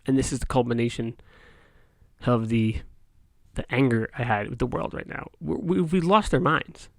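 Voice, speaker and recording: A man's voice: mid-range voice, lively intonation, normal speed, no echo, clean studio sound. A middle-aged man vlogging, telling a story in a heated, exasperated rant with frequent restarts. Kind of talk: casual rant to camera.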